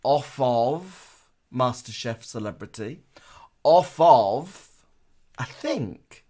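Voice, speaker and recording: A man's voice: mid-range voice, expressive, extremely slow, dark tone. A man co-hosting a live show in casual chat, dropping dry, wry asides.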